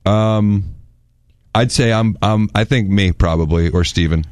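A man talking casually as a guest, halting and restarting his sentences. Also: on the low side, darkish tone, clear, resonant tone, dry recording, clean studio sound. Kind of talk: casual conversation.

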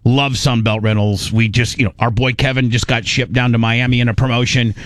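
A man's voice: mid-range voice, level tone, fairly quick, no echo. A man hosting a radio talk show, rambling in casual banter. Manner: rambling, playful, slips into a mock Canadian voice.

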